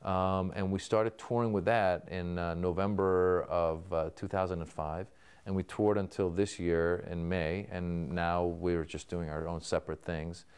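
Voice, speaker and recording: A man, a comedian, talks through an interview in a storytelling manner, acting out old exchanges with people. His voice sits on the lower side and comes across smooth and resonant. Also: level tone, measured pace, a little mellow. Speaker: comedian guest. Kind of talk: interview answers.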